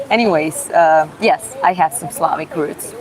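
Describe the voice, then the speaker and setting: A woman with a Georgian accent and a slightly low voice runs a casual live Q&A. She reads viewers' questions aloud and answers in halting, self-taught English. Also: wildly swooping pitch, crowd noise, rough recording. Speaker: livestreamer answering chat questions.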